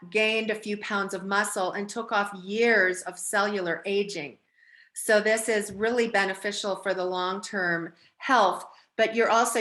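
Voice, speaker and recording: A woman's voice: medium pitch, bright, forceful tone, echoey room. A woman hosting an interview over a video call, earnest and encouraging as she sets up her questions. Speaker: host.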